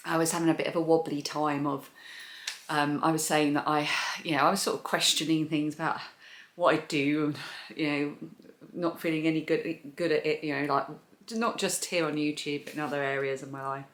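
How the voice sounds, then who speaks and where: A woman's voice: sits low, little pitch movement, fairly quick. A British woman chatting casually in a crafting vlog at home, rambling and hesitant with many fillers and restarts. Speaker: crafting YouTuber. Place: home, indoors. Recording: echoey room.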